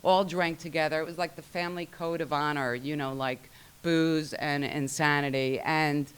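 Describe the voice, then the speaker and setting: A woman's voice: sits low, steady tone, moderate pace, clear, resonant tone. A woman speaking at a recovery meeting, sharing her personal story in a wry, self-mocking way and acting out what her family said.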